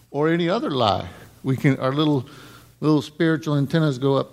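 Gravelly-voiced man preaching a casual sermon. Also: medium pitch, normal speed, a little mellow. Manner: conversational, asks the congregation "right?" often. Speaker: pastor.

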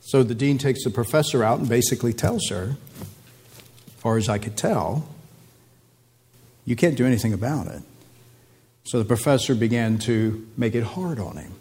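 Male preacher, mid-pitched, emphatic delivery that repeats key phrases. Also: moderate pace, pauses often, a little mellow, slightly rough. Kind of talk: sermon.

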